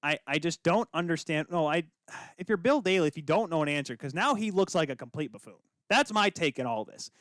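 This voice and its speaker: Lively goofy young man on a podcast. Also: on the high side, a little fast, no room sound, studio quality. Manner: goofy, rambling, laughs a lot. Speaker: podcast co-host. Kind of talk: joking casual chat.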